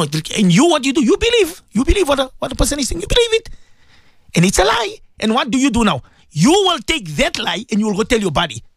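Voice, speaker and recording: A man preaches over the radio in a fervent, repetitive way, firing direct questions at his listeners. His pitch swings widely as he talks. The sound is close and dry, with no room around it. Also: very animated, quick pace, no echo. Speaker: radio presenter giving religious advice. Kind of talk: impassioned radio sermon.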